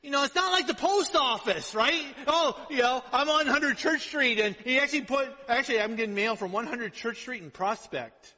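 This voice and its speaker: A male pastor delivers a conversational sermon, tossing "right?" to the congregation as he goes. His voice sits high and sounds bright and forceful. The sound carries a long reverb from a large hall. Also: normal speed, few pauses. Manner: chatty, keeps asking the congregation "right?".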